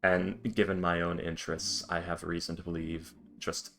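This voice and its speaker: Gravelly, deep-voiced joking man. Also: monotone, fairly bright tone, soft background music. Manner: joking, bawdy, quick asides. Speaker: tabletop game player. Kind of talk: casual online chat.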